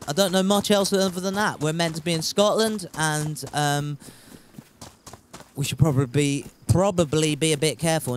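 A man's voice: on the high side, slight background noise. A young man streaming a survival game live, rambling and joking, swearing casually and greeting viewers from chat.

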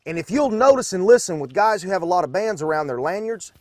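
A man's voice: high-pitched, animated, fast talker, no room sound, clean studio sound. A man from Arkansas, demonstrating duck calls in a folksy, instructional way from a duck blind.

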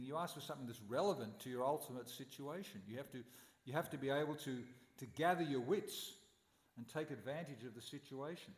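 Man giving a temple sermon with reverb. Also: on the high side. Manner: animated storyteller, asks rhetorical questions. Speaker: temple class speaker. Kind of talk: scripture class sermon. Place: temple hall.

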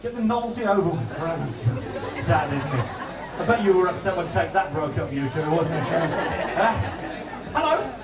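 A man doing joking warm-up patter for a TV studio audience. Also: a little high, normal speed, far from the mic, a loud crowd. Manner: chatty, joking, lively. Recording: roomy studio heard from afar with audience.

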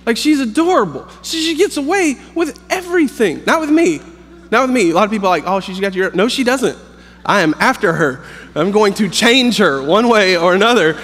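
A pastor in his thirties tells jokes and family stories from the stage, his somewhat high voice breaking up with ums and restarts. Each phrase trails into a long hall reverb. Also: expressive, fairly bright tone. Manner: joking, storytelling, halting with fillers. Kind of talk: humorous preaching. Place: campus worship hall.

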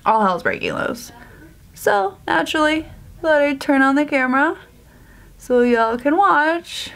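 A woman's voice: sits high, vocal fry, fairly bright tone. A woman vlogger chatting casually through a makeup tutorial, joking about her own mistakes. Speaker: beauty vlogger.

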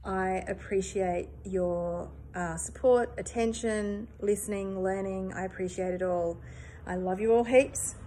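A woman's voice: medium pitch, steady tone, unhurried, warm tone, a little hiss or hum. Earnest woman on a reflective monologue. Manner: earnest, emphatic, swears casually.

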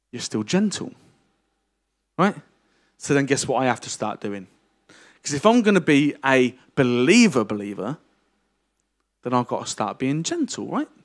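A middle-aged man preaching a lively, jokey sermon and teasing his congregation. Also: medium pitch. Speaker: pastor. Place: church hall.

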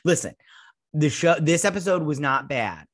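A man's voice: a little high, big pitch swings, normal speed, no echo. Male host, casual episode recap, rambling and profane, dry close sound. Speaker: show host reviewing a TV episode. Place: at home with a dog nearby.

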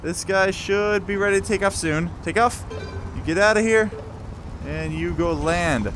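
A man giving excited, laughing commentary while playing a game, talking to the planes. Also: sits high, unhurried, faint music behind. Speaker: gameplay streamer.

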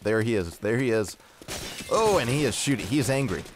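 A young man gives casual game commentary, joking through a play-by-play of his own gameplay and poking fun at himself. His voice is medium-pitched and sing-song, fairly quick, over a noisy background.

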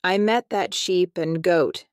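A woman's voice: lowish voice, takes it slowly, clean tone, no echo, clean studio sound. A woman voicing a sly male leopard in a children's storybook, with a plain, agreeable delivery. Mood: grumbling.

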